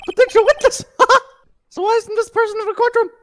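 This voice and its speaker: A shrill, squeaky old judge. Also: a little fast, slight background noise. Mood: curious. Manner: shrill and excitable. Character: fussy old male judge.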